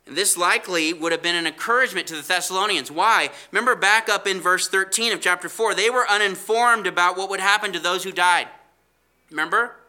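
Male preacher, bright ringing voice on the high side, leans hard on scripture with slow emphatic stresses. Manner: asks rhetorical questions. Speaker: Bible teacher. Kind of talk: expository sermon.

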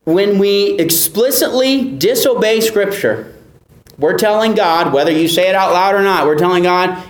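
Emphatic high-voiced man preaching, echoey. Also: normal speed. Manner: earnest, emphatic, repeats key phrases. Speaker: pastor. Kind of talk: expository sermon.

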